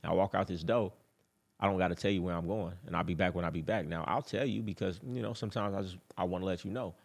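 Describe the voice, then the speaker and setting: Gravelly, blunt, profane man. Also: sits low, steady tone, fast talker. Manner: repeats points for emphasis. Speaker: dating advice host. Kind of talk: casual monologue.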